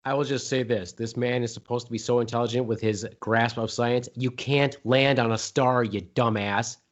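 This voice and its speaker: A man's voice: medium pitch, steady tone, moderate pace, natural voice. A man playing a blustering mock president who rants, mocks and swears at his opponent in a comedy debate podcast, recorded on dull lo-fi audio. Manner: ranting, mocking and profane.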